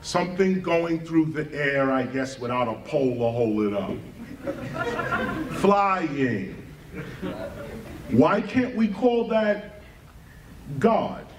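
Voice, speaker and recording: A man's voice: fairly high pitch, lively intonation, slow, long pauses. A man giving a rhetorical lecture, firing questions at the listener and spelling words out letter by letter. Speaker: speaker giving a talk. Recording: echoey room, far from mic, faint ambient noise.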